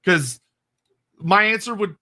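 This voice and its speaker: A man's voice: high-pitched, slow, bright, forceful tone. A man co-hosting a casual livestream, answering chat questions at length with frequent restarts and laughs. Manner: rambling, restarts, laughs often.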